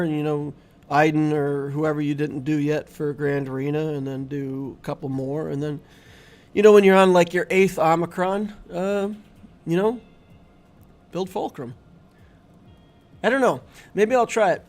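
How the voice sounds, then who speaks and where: A man's voice: a little high, fairly even intonation, moderate pace, darkish tone. A middle-aged man hosting a gaming channel, chatting casually and easily with his viewers while he streams. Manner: chatty and easygoing, talking to viewers. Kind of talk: casual live-stream commentary.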